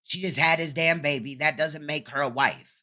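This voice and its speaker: A man's voice: on the high side, moderate pace, sharp tone. A man hosting a livestream, talking through a played clip in a conversational, matter-of-fact way. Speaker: host commenting on a clip. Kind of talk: livestream commentary.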